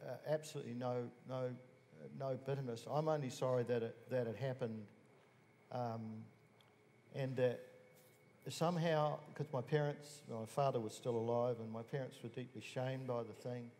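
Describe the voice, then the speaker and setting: A middle-aged man with a New Zealand accent speaks haltingly and earnestly, often restarting his sentences. His voice sits at an ordinary pitch and carries a long reverb from the hall. A faint hiss runs underneath. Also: fairly even intonation, dark tone. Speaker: musician on a panel. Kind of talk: panel discussion, personal recollection. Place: museum hall.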